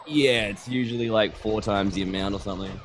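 A man from Australia with an Australian accent, a voice actor guest chatting in a relaxed, hesitant way. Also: on the low side, brisk, music in the background. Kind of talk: casual stream chat.

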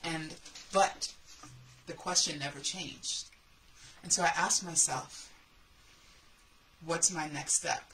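A woman coaching aspiring authors, telling a personal story in an animated way and acting out her fear and her coach's calm replies. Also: low voice, takes it slowly, long pauses, a little hiss or hum, low-quality recording. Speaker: book coach. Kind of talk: motivational storytelling lesson.

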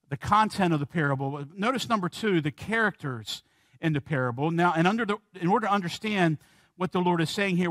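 A man preaching a sermon in a church as pastor, slowing down and stressing key words and asking the congregation questions. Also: sits high, fairly bright tone, dry recording, clean studio sound.

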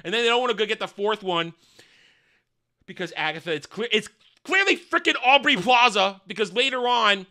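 A man's voice: high voice, animated, fairly quick, bright, forceful tone. A man reviewing a TV episode in a casual, rambling rant, sarcastic, exasperated and crude. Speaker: TV show reviewer.

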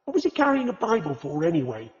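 A man's voice: on the high side, big pitch swings, fairly quick. A man doing a brash, impatient middle-aged woman sleuth. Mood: indignant. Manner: blunt and demanding. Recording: dull lo-fi audio with long reverb.

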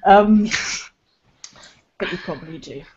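A woman's voice: mid-range voice, slow, noisy background. This is a woman talking candidly on a podcast. She is blunt and swears without a second thought, and laughter keeps slipping in between her phrases. She comes through a video call, and the audio is muffled and lo-fi. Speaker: podcast guest. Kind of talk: casual chat.

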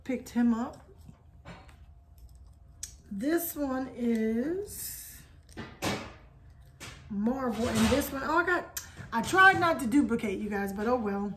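A woman's voice: on the high side, animated, takes it slowly, pauses often, fairly bright tone, a little hiss or hum. A woman hosting a casual haul vlog, chatting to viewers and calling them y'all. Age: adult. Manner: chatty, addresses viewers as y'all, hums theme tunes. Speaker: haul video host.

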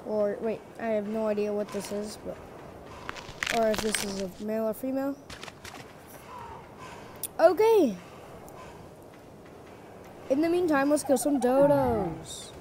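A playful woman talks her way through a game, calling out to the creatures on screen and swinging between loud and hushed. Her voice sits a little high. Loud background noise runs under the whole recording. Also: moderate pace. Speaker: gamer. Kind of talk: casual gameplay commentary.

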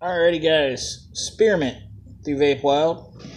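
A man's voice: on the high side, takes it slowly, noisy background. A man casually reviewing vape juices, joking and plain-spoken in a laid-back way.

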